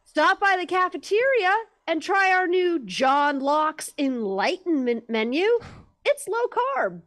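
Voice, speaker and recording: An upbeat tour guide announces the attractions in a high, bright voice, as a woman puts her on for a comedy bit. The delivery is unhurried and chipper, with laughs breaking through. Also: big pitch swings, exaggerated voice. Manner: upbeat sales pitch, laughing through lines. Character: chipper female tour guide of a libertarian fort.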